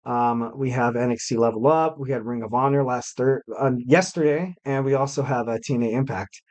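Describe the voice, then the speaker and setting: A young man hosts a wrestling podcast on his own, speaking fairly quickly in a mid-range, slightly mellow voice. His casual chat rambles, leans heavily on fillers, and is sprinkled with small self-mocking jokes.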